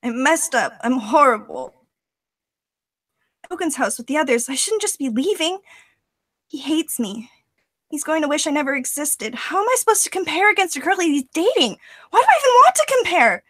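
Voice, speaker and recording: A woman's voice: high voice, sing-song, normal speed, no echo, pitched below the performer's own voice, poor audio. A woman voicing a distraught, heartbroken teenage boy who stammers and cries out in anguish, for an audition. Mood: anguished, tearful. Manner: sobbing, stammering, shouting in anguish. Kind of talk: voice acting audition.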